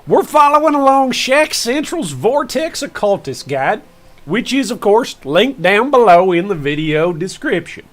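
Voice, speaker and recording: Lively high-voiced male streamer. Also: unhurried. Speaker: gaming streamer host. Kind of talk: casual game commentary.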